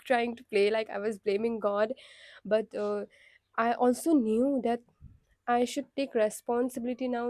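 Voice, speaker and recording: Woman vlogger, reflective and candid, soft dark tone, dry room. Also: fairly high pitch, dry recording. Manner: reflective, candid, frequent fillers. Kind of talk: casual personal vlog.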